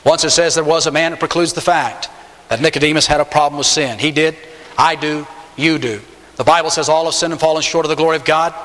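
Emphatic preacher in a reverberant hall. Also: male voice, steady tone, quick pace, fairly bright tone. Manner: emphatic preaching, swings pitch up on key words. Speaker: pastor. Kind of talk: sermon.

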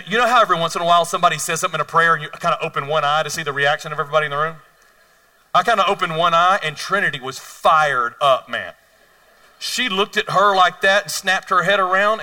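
A middle-aged man preaching a sermon as a pastor, telling stories animatedly and swinging between hushed and loud delivery. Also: fairly high pitch, fast, recorded from a distance.

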